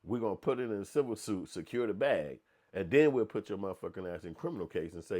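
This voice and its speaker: A man with a lowish voice runs through a blunt opinion rant, heavy with slang and cursing. He talks loosely and keeps slipping into other voices to act out what people said. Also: expressive, fast, mellow. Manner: blunt, profane, slangy, acts out quotes in voices. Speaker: commentator.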